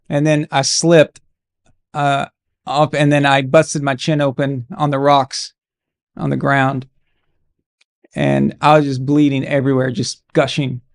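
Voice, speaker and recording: A man's voice: mid-range voice, vocal fry. A man hosting a live game watch-along, reacting casually and telling stories to his viewers. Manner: casual, encouraging, chatty. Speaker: watch-along stream host.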